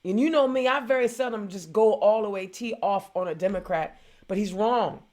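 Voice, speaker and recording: A woman's voice: medium pitch, normal speed, darkish tone. A woman from hosting a political talk show, delivering an impassioned, indignant rant that repeats phrases for emphasis. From Indiana.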